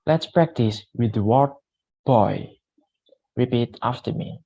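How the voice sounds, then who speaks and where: A young man, a student, leading a pronunciation drill with slow, deliberate repeat-after-me delivery. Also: medium pitch, gravelly, breathy edge, highs cut off. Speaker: student giving a pronunciation lesson.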